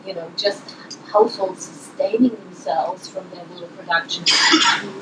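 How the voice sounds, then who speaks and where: A woman speaks on a panel, measured and thoughtful, often pausing to restart a sentence. Her voice sits low for a woman and comes from some distance off the mic. Steady background noise runs under her words. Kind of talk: panel discussion remarks.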